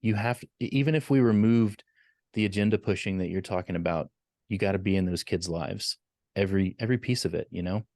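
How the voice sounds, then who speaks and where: A man who is a guest on a podcast, talking in a measured, plain-spoken way in a casual conversation. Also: deep voice, a little mellow, no room sound.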